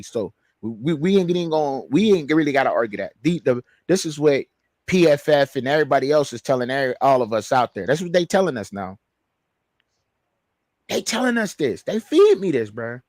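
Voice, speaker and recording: A man co-hosting a sports show, talking in an animated, slangy way and repeating himself as he argues. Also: mid-range voice, dry recording. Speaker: show co-host, fan. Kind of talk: heated sports banter.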